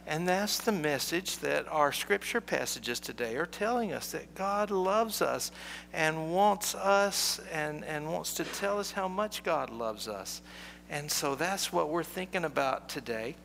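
A man's voice: sits high, gravelly, a bit bright. A male pastor, leading prayer and talking playfully with children in a church. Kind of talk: leading liturgy and a children's message. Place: church sanctuary. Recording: reverberant church with faint hum.

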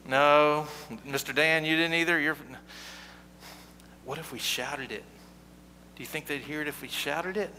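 The voice belongs to a male pastor, a little high in pitch and pushed and bright, leading liturgy and speaking playfully with children. The setting is a church sanctuary, recorded with reverb and a faint hum.

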